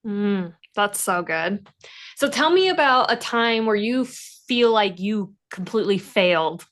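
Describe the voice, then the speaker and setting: A woman's voice: mid-range voice, animated, measured pace, a bit bright. A woman co-hosting a podcast, reacting encouragingly and asking her guest questions in a casual way. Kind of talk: casual interview chat.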